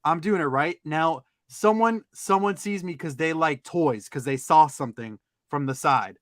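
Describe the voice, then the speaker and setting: Male co-host, casual storyteller, slightly high voice, animated with sudden high-pitched outbursts. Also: normal speed, dry recording. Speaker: podcast co-host.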